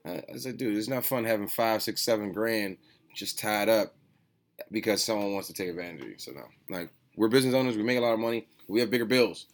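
Young guy, low voice, cussing a lot, laid-back shop talk with little acted-out quotes. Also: fast talker. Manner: swearing, animated storytelling with voiced quotes. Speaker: podcast co-host, store owner. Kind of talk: casual chat.

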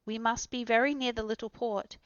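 A woman's voice: a little high, fairly even intonation, fairly quick, no echo, natural voice. A woman reading aloud, voicing an eager, curious young male explorer who speaks in earnest exclamations. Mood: doubtful. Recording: dull, dry recording.

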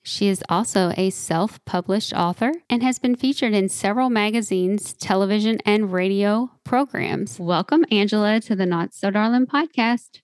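A woman's voice: medium pitch, normal speed, hardly any pauses, a little mellow, clear, resonant tone, dry recording. A woman with a Southern US accent hosting a podcast interview, chatty and rambling. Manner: chatty, rambling, with fillers and laughs. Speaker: podcast host.

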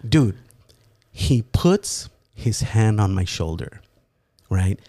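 A man casually telling a story, animated and profane, with lots of fillers. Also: on the low side, slow pace, no room sound. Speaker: storyteller guest. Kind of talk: casual chat, anecdote.

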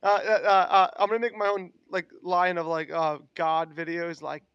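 A man's voice: sits high, moderate pace, few pauses, fairly bright tone, clean tone. A young man co-hosting a casual chat, joking and laughing often. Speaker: podcast co-host.

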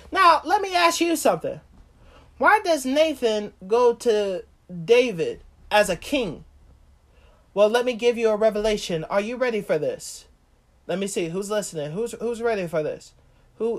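A woman preaching a sermon, reading scripture and questioning her listeners before building to fervent, rising proclamations. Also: fairly high pitch.

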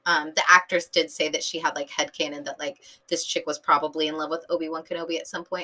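Female fan host, tired, chatty and rambling, with a bright edge to the voice. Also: deep voice, little pitch movement, fast, hardly any pauses, poor audio. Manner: rambling, filler-heavy, enthusiastic fan talk. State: tired, late at night. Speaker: podcast host reviewing a TV episode. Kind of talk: casual chat.

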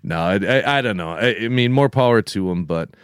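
A middle-aged man co-hosting a podcast, talking in a relaxed, rambling way with restarts. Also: lowish voice, fairly quick, smooth, no room sound, clean studio sound. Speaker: podcast co-host. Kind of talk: casual chat.

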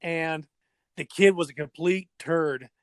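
A man's voice: on the high side, takes it slowly, smooth, dry recording. A middle-aged man, a drummer and former pro skateboarder, telling stories in a casual interview and acting out voices and sound effects. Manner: animated storyteller, acts out voices and sound effects.

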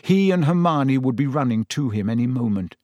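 A man reading a fantasy novel aloud in steady, measured storytelling narration. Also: mid-range voice, no echo. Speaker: audiobook narrator. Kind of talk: scripted narration.

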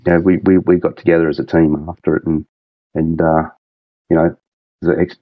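Australian man, very low voice, halting casual storyteller, muffled dry sound. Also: level tone, no room sound. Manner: rambling, halting, full of restarts and fillers. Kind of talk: casual chat.

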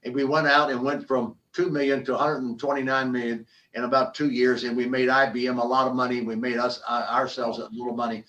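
An older man, a former athlete turned business founder, telling animated stories in an interview with frequent restarts and repeated words. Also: mid-range voice, quick pace, distant mic, low-quality recording. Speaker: podcast guest, former football player and business founder. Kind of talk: conversational interview storytelling.

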